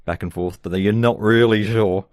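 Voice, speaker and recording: A man's voice: lowish voice, fairly even intonation, moderate pace, darkish tone, no room sound. A man co-hosting a sitcom podcast, talking in a laid-back, casual way and thinking aloud as he goes. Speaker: podcast co-host. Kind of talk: casual chat.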